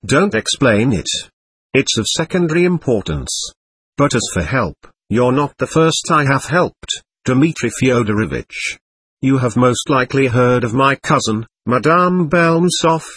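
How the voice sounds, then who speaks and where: A man voicing a gushing, domineering middle-aged lady who lectures and talks over others, with a husky voice. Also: medium pitch, lively intonation, a little slow, a bit bright, no echo.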